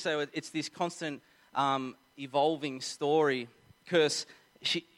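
A man's voice: a little high, a bit bright. A man preaching a sermon to a crowd, telling a story with many restarts and repeated words. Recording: long hall reverb.

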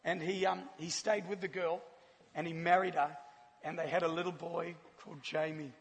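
A man from New Zealand with a New Zealand accent giving a sermon with a personal testimony, an animated storyteller who laughs often. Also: on the high side, moderate pace, breathy edge. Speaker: church speaker. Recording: long hall reverb.

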